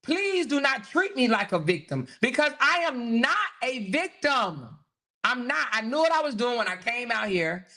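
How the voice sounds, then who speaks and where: Bright-voiced woman ranting on a livestream. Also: fairly high pitch, normal speed. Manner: animated, exasperated ranting with mocking quotes; reads live chat aloud. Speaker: host. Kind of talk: livestream commentary.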